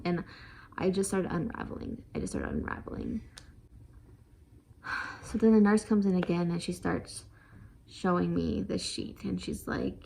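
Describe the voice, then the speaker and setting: A young woman tells a personal story straight to camera in a casual, rambling way, often quoting what she thought at the time. Her voice sits low and has a gravelly fry. Faint background noise runs under the recording. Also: big pitch swings, normal speed, darkish tone. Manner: emotional, rambling with many fillers and quoted thoughts. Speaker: vlogger.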